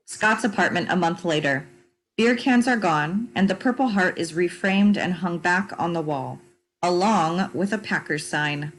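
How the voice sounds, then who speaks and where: A woman reading audio description of stage directions in a plain, even way. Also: on the low side, a little slow, low-quality recording. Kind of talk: scripted narration of stage directions.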